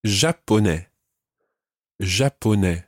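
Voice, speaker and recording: A man teaching a podcast language lesson, patiently repeating each phrase slowly for learners. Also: lowish voice, animated, no echo, clean studio sound.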